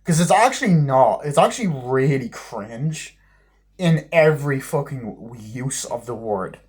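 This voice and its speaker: A man's voice: mid-range voice, lively intonation, measured pace, a little mellow, slightly rough. A young man giving an exasperated film review, swearing often and filling his talk with "like.". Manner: exasperated, swears a lot, repeats "like". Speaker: movie reviewer.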